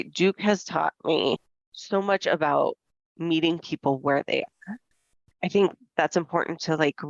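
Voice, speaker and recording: A woman in her forties co-hosting a podcast, telling stories in a casual, lively way and acting out the voices of the people she quotes. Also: deep voice, vocal fry, no room sound. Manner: lively storyteller who acts out quoted voices. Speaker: podcast co-host. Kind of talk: casual chat. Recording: dull, dry lo-fi podcast audio.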